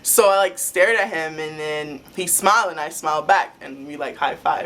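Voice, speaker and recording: Rambling, excitable young woman vlogger. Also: sits low, moderate pace. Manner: rambling and excitable, many "like" fillers. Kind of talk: casual fan storytelling.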